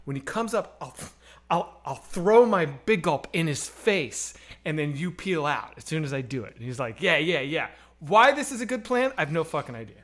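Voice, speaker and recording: Animated, bright-voiced man telling a story. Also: fairly high pitch, moderate pace. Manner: animated, profane, acts out the voices in his story. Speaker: comedy podcast host. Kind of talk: storytelling on a stream.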